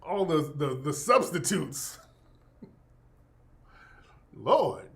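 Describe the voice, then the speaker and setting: A man's voice: on the high side, sing-song, drawn-out words, gravelly, fairly bright tone. A man hosting his own show, talking in a loose, rambling and profane way, often breaking into laughter. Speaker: radio show host. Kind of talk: casual livestream commentary.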